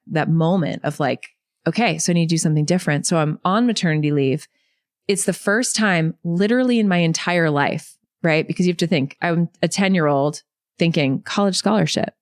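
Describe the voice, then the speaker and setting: A woman in her thirties, a podcast guest, telling her life story in a lively, chatty way full of asides. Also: lowish voice, no room sound, studio quality. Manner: animated, quick storytelling with many likes and you knows. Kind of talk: storytelling in an interview.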